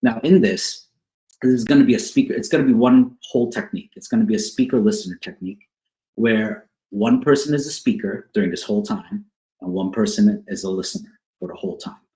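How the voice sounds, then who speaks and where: A man's voice: lowish voice, brisk, dark tone. A man working as a counselor, explaining to couples how to apologize, repeating key words and often checking in with "right?". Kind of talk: teaching on couples conflict. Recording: echoey room.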